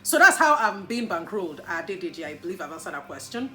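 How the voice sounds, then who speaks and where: A Nigerian woman answering viewer questions in a casual vlog, animated and playful, with teasing mock-indignant asides. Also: on the low side, quick pace, soft background music.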